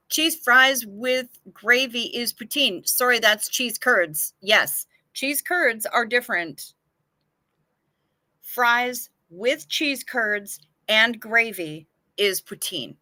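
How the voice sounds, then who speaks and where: A woman's voice: a little high, animated, slow pace, pushed and bright, no echo. A woman hosting a casual livestream, chatting frankly and swearing freely as she answers viewer comments. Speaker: livestream host.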